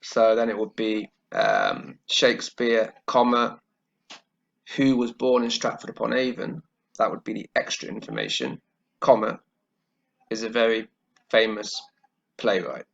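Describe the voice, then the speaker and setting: A man teaching English grammar, explaining slowly and carefully and checking in with "okay" as he goes. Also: fairly low pitch, sing-song, gravelly, fairly bright tone. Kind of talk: grammar lesson while writing on screen. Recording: dull lo-fi recording.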